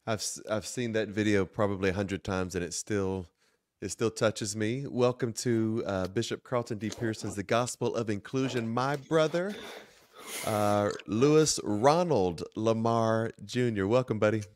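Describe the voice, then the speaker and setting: A man, a bishop, hosting his talk show in an earnest, quick way with many filler words and restarts. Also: lowish voice, no room sound. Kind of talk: sermon-like talk show monologue.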